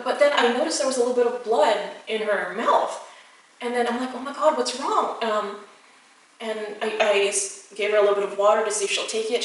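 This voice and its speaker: A woman's voice: on the high side, a bit bright. A woman vlogger telling a storytime vlog in a chatty way, full of fillers. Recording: echoey room, distant mic, faint music.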